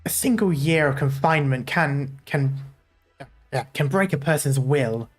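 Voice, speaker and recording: A man voicing a grim ship captain who is turning into a sea monster, with a gravelly, smoky voice and a slow, threatening delivery. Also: medium pitch, expressive, soft background music. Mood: bitter.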